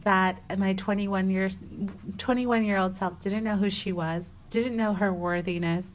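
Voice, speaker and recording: Animated woman in her thirties telling a story. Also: medium pitch, measured pace, slight background noise, rough recording. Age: 30s. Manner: animated, acts out quoted dialogue with many "like"s. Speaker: guest, travel writer. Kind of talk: casual interview storytelling.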